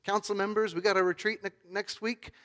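A male pastor giving a sermon in a conversational storytelling manner, swinging between loud emphasis and hushed, quiet tones. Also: high-pitched, level tone, a little fast, in a large hall.

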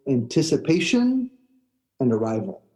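A man's voice: mid-range voice, sing-song, a little slow, warm tone, poor audio. A man, a pastor, giving a sermon and telling a personal story in an earnest way, often restarting his words.

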